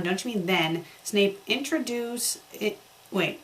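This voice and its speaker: A woman reading a fan story aloud for comedy, breaking off to mock its spelling and grammar in deadpan asides. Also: mid-range voice, slow pace. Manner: deadpan mocking commentary on spelling errors. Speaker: fanfic critic reading aloud.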